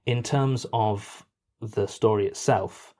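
Low-voiced British man, hesitant and wry. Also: takes it slowly, warm tone. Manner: hesitant, with many fillers and dry self-mocking jokes. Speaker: podcast writer and performer. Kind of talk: casual interview answers.

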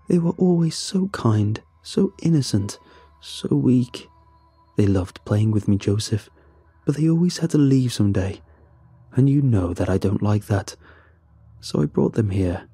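A man voicing a sinister furry rabbit-like creature that speaks slowly and softly with mock-friendly menace. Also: on the low side, husky, dry recording, heavily acted.

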